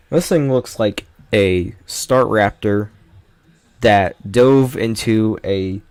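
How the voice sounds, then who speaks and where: A man's voice: on the low side, darkish tone, no echo. A man giving casual, jokey commentary while ranking game characters, often trailing off mid-sentence. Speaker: YouTuber ranking Pokémon.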